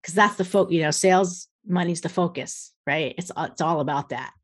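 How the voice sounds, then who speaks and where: Female interview host, lower voice, engaged and affirming. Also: moderate pace. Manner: engaged, affirming, asks open questions. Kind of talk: conversational interview.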